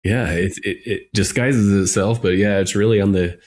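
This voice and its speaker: A man hosting a podcast interview, talking in a halting, affirming way with restarts. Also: lowish voice, a little mellow. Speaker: podcast host. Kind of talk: interview host.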